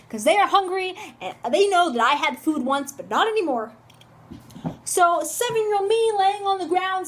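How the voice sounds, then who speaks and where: A young woman telling a story for her vlog in a dramatic, animated way, recorded on a phone camera. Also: high voice. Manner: dramatic, animated, shrieks when reenacting. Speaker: vlogger.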